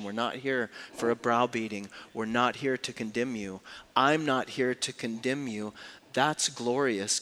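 A man preaching a sermon as a pastor, swinging between hushed, slow lines and loud, raised passages. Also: mid-range voice.

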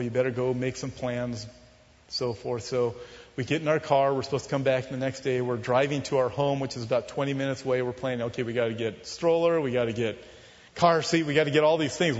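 Guy preaching his own story, earnest and confessional, muffled sound with long church-hall echo. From Southern California. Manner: earnest, confessional storytelling with soft low stretches. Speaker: preacher telling his testimony. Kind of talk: sermon testimony.

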